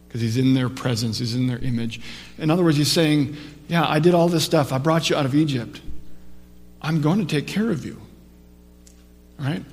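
A man preaching a sermon as pastor, telling the story with lively shifts from soft to emphatic. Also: fairly high pitch, big-room sound.

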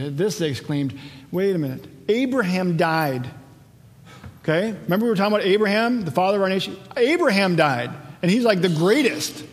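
A man teaching a conversational Bible sermon, asking rhetorical questions and acting out the dialogue of the passage. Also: on the high side. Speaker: pastor. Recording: long hall reverb.

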